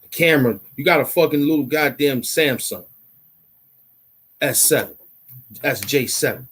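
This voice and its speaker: A man hosting an online commentary show, ranting in a loud, mocking, animated way and repeating himself for emphasis. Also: mid-range voice, moderate pace, pauses often. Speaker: YouTube commentary host.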